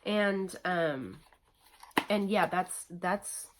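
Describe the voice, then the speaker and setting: A woman's voice: fairly low pitch, drawn-out words, background noise. A woman craft vlogger chatting casually at home, gushing and chatty with lots of fillers. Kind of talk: casual show-and-tell chat.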